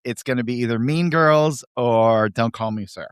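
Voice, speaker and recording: A man's voice: mid-range voice, moderate pace, clear, resonant tone, dry recording, clean studio sound. A man co-hosting a podcast in casual chat, reading comic strips aloud and laughing along, with faint music behind. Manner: animated, laughs while reading. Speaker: podcast co-host.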